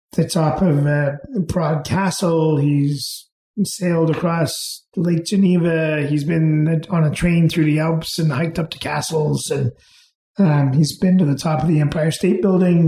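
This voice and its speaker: Man, middle-aged, mellow tone, unhurried storytelling, echoey room. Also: a little high. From Canada. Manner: unhurried, chuckles while telling anecdotes. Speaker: interview guest. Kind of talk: casual storytelling.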